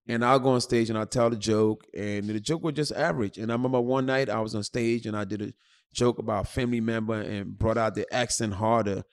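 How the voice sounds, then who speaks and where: A middle-aged comedian from Ghana, hosting a casual podcast chat and telling animated stories. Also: male voice, lowish voice, a little fast. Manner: animated storyteller, loud when joking.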